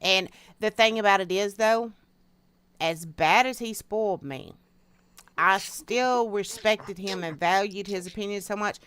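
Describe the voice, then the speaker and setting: A woman streamer with a bright, sharp voice chats in a folksy, animated way as she plays. Her country drawl carries her homespun stories, told casually into a desk mic. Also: mid-range voice, measured pace, clear, resonant tone, no echo. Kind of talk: casual storytelling while gaming.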